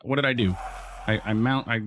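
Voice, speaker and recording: Speaking a little fast in a medium-pitched, fairly bright voice, a man hosts a let's play with slight background noise. His commentary is chatty; he talks to the game's creatures and keeps trailing off with fillers and false starts.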